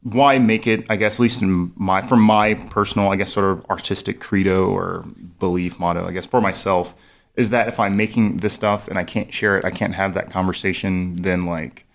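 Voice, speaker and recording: A man's voice: low voice, steady tone, normal speed, vocal fry. A young man, a musician guest on a college radio show, talking in a rambling way full of "like" fillers, with a cough drop in his mouth, close on a studio microphone. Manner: rambling, heavy "like" fillers, laughs often. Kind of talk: casual radio interview.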